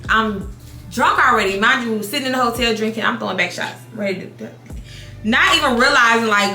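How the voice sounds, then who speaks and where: A woman in her thirties telling a casual storytime while doing her makeup, animated, swearing, restarting her sentences. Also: a little high, brisk, echoey room, soft background music. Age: 30s. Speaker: beauty vlogger. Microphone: compact camera mic.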